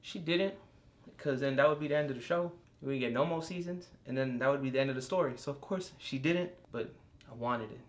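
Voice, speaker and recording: A young man giving a casual solo review of a TV episode. He talks in an excitable, profane way, with bursts of enthusiasm. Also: medium pitch, fast. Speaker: TV show reviewer.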